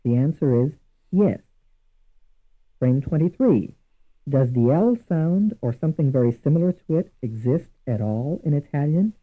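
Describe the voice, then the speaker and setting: A man's voice: a little high, animated. Tinny old language-course narrator, man. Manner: measured, deliberate, repeats each example word. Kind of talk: scripted instructional narration. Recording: tinny lo-fi archival course audio.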